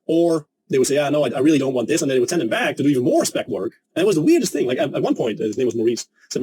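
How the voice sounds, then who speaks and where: A man teaching a sales lesson, emphatic and energetic, and he acts out the clients he quotes. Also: medium pitch, very fast, few pauses, husky, poor audio. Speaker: sales coach.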